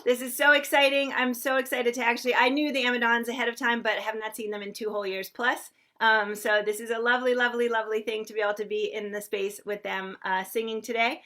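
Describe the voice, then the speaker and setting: Female sing-along host, high and bright-toned, effusive livestream greeter. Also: flat delivery, quick pace, few pauses. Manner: effusive and chatty. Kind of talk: livestream welcome, greeting viewers by name. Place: indoors in a shared room with other singers.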